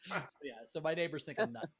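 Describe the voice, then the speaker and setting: Lively, giggly high-voiced man. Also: husky. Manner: laughs a lot while he talks. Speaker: co-host. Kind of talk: casual comedy chat.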